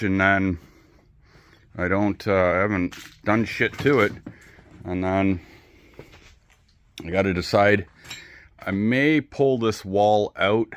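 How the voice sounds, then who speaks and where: A low-pitched man talks loosely and profanely while showing off projects in his garage. The sound is dry, with little room echo. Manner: rambling, profane, relaxed, many ums. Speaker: hobby video creator. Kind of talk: casual garage vlog. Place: home garage.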